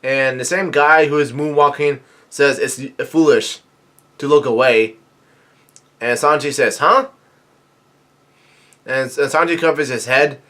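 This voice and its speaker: A man recapping a comic chapter in casual talk, halting with many fillers and restarts. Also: medium pitch, fairly even intonation, a bit bright. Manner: reads quoted lines in a plain narrating voice. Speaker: manga reaction vlogger.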